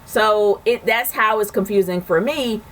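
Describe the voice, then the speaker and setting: A woman in a relaxed home video, talking through viewer questions one after another. She speaks frankly and casually, with restarts and easy laughs, her voice sitting at an ordinary middle pitch. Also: a little slow, a little hiss or hum, low-quality recording. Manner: chatty, frank, rambling with restarts and light laughs. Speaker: YouTube host answering viewer questions. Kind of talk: casual chat.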